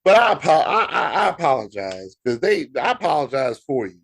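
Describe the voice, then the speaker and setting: An American man co-hosting a sports podcast, talking in a casual, animated way with laughter and mock exasperation. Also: a little high, brisk. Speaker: podcast co-host.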